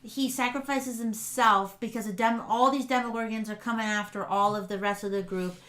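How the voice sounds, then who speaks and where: Woman, podcast co-host, casual rambling recap, excitable. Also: on the high side, fairly quick. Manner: rambling, excited retelling with many fillers. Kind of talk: casual chat recapping a show.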